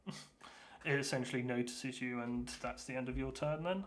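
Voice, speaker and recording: A man's voice: mid-range voice, fairly even intonation, normal speed, slight background noise. A man narrating as game master of a tabletop game, hesitant and full of fillers and restarts.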